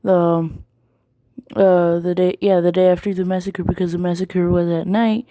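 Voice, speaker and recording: A woman's voice: on the low side, level tone, moderate pace, dark tone, no echo. A woman casually retelling a fan story, rambling with many ums and likes.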